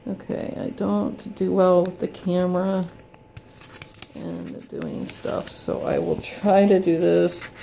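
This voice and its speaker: A woman filming a casual unboxing vlog at home, talking haltingly with many fillers, anxious and in pain. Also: on the low side, animated, creaky, warm tone, slight background noise. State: anxious and in pain, hand shaking. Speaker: vlogger. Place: home, indoors.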